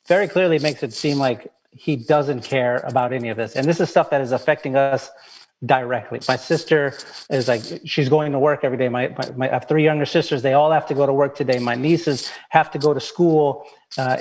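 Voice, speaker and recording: A man's voice: on the high side, darkish tone, slight background noise, rough recording. A male writer talking as a panel guest, frank and jokey, swearing casually. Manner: frank, joking, swears freely.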